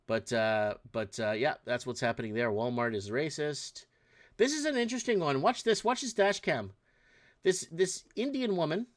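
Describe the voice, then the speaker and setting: A man hosting his own podcast, giving casual, exasperated news commentary, rambling with frequent restarts and fillers. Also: on the high side. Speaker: podcast host.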